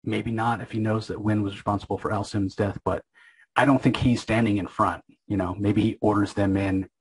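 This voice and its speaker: A man's voice: lowish voice, fairly even intonation, fairly quick, a little hiss or hum, rough recording. A man casually recapping a comic book issue, rambling and opinionated, with lots of filler words.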